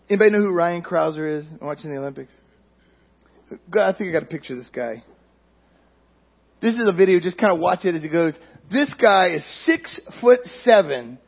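Husky high-voiced preacher man. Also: lo-fi sound. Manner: conversational preaching with rhetorical questions to the congregation. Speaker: pastor. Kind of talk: sermon.

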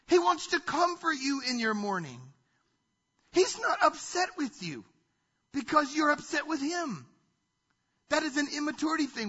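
A man's voice: very high-pitched, bright, forceful tone, husky. A man preaching a sermon from a church stage, emphatic and repetitive in his delivery. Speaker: pastor. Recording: dull lo-fi sound.

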